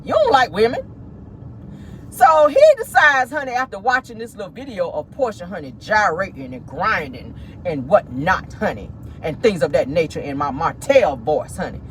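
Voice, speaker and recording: A woman's voice: lowish voice, expressive, normal speed, fairly bright tone, slight background noise. A woman hosting a gossip vlog, talking in a sassy, petty way and calling her listeners "honey" and "child.". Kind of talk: celebrity gossip commentary.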